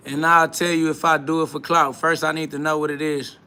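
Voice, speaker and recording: A man's voice: on the high side, little pitch movement, a little fast, hardly any pauses, pushed and bright, slight background noise. A man hosting a live stream, boasting and trash-talking in a preachy, repetitive way, answering viewers' comments.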